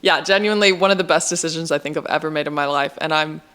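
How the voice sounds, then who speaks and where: A woman's voice: deep voice, fairly even intonation, fast, fairly bright tone, clear, resonant tone. A young American woman chatting casually in a vlog, upbeat and candid, with "like" in nearly every sentence. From United States. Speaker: vlogger.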